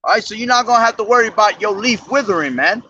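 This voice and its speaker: A young man preaching outdoors at a bus station, slowly declaiming scripture, then talking in slangy, profane street speech into a camera he holds himself. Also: sits high, lively intonation, bright, forceful tone, muffled recording, a little hiss or hum. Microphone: self-held camera.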